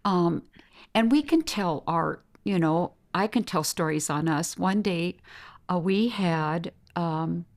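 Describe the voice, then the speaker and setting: A woman's voice: fairly low pitch, expressive, takes it slowly. A middle-aged woman with a Midwestern American accent, a bed and breakfast owner chatting in an interview and telling stories with acted-out voices. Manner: chatty storyteller, acts out quoted voices, laughs often. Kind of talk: casual interview chat.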